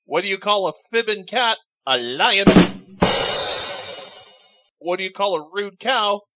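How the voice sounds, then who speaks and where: High, lively man reading jokes. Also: slow, over loud music. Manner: playful, swears, reads jokes out. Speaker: co-host telling jokes. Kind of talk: casual banter.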